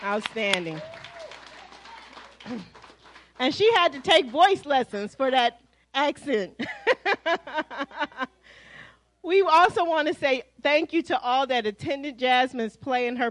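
A woman pastor with an American accent giving lively, chatty church announcements to her congregation, calling them y'all. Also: sits high, unhurried, long pauses, dry recording, some chatter behind, rough recording. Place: church sanctuary.

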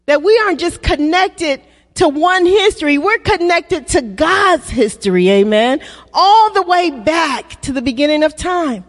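Woman, preacher, sermon, slow emphatic call-and-response, echoing church hall. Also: high voice, expressive. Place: church sanctuary. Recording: long reverb of a hall.

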